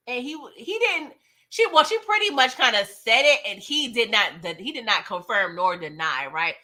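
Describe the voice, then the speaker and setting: Bright-voiced woman doing a sassy show recap. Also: on the high side. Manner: slangy, laughs often, playful sass, acts out quoted dialogue. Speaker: TV recap host. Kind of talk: live TV episode recap, casual chat.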